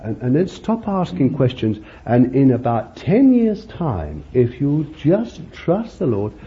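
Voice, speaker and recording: Male preacher with a folksy, conversational sermon delivery and an animated pitch, on a muffled lo-fi recording. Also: slow pace. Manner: folksy, conversational preaching with many "you see" asides. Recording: muffled lo-fi recording with faint hiss.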